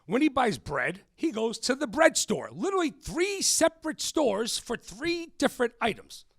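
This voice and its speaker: A male podcast host telling a story in an animated way, calling listeners "folks". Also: extremely high pitch, normal speed, breathy edge, no echo, clean studio sound.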